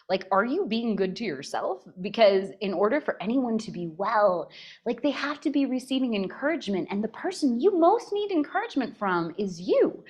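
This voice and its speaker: Woman, podcast guest, expressive storyteller with a lively, swinging pitch. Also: husky. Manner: expressive, laughs often while telling. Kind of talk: personal storytelling in conversation.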